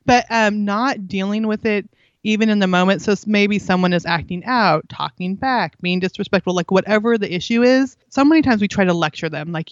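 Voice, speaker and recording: A woman's voice: medium pitch, a little fast, dry recording, lo-fi sound. A middle-aged woman, a guest on a parenting interview, telling earnest stories and acting out the lines people said to her. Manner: earnest storytelling, acts out quoted lines, laughs often. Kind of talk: conversational interview.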